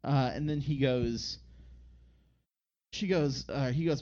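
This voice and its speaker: A man's voice: medium pitch, slow, long pauses, a little mellow, lo-fi sound. A man co-hosting a podcast, recapping a movie in a rambling, casual way and acting out the characters' lines. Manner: rambling, acts out quotes in put-on voices. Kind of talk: casual chat.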